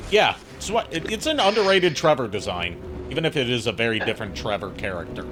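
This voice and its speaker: A man co-hosting a casual game stream with quick jokey asides. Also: medium pitch, very animated.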